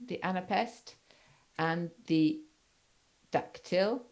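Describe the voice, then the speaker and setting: A woman with a low voice leads a class, pausing often on fillers and restarts. She keeps checking in with the students as she explains. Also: a little mellow. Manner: halting, many fillers, checks understanding. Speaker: teacher. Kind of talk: university seminar lecture.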